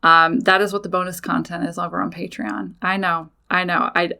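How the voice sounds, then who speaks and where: A woman who is a mother and a podcast host, casually telling a personal story, animated, swearing freely and talking straight to her listeners. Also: fairly low pitch, moderate pace, gravelly. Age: adult with children.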